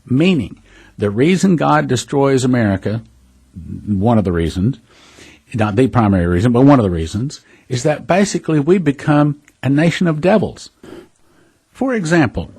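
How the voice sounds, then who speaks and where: A man's voice: medium pitch, animated, moderate pace, darkish tone, breathy edge. A man hosting a prophecy ministry, giving an earnest, conversational preaching monologue and calling listeners brothers and sisters.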